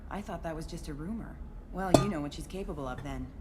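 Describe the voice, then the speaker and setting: An actress playing a guarded, blunt former security chief in a video game. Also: female voice, sits low, fast talker, very noisy, lightly acted. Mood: wary. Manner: wary, blunt.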